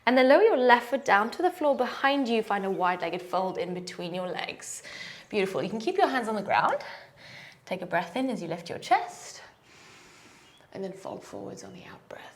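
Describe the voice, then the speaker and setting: A young woman leading a guided yoga class, giving calm, encouraging cues and counting holds aloud. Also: mid-range voice, brisk. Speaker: yoga instructor.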